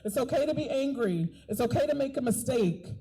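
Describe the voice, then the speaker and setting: Earnest woman rally speaker outdoors, very high pitch, mellow tone, repeats lines to drive them home. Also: lively intonation, brisk, poor audio. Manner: earnest, repeats key phrases for emphasis. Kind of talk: impassioned outdoor protest speech.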